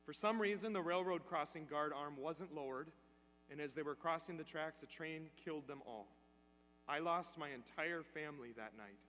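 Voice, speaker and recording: A male preacher voicing a young priest who speaks calmly and quietly, heard with long church reverb. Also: fairly high pitch, normal speed. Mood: solemn. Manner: calm, quiet, steady. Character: young male priest, reluctant then calm. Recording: church hall reverb, faint hum.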